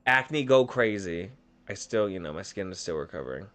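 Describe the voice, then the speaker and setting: A young man streaming a game, telling stories in a campy, animated and profane way. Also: low voice, normal speed. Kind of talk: casual storytelling while gaming.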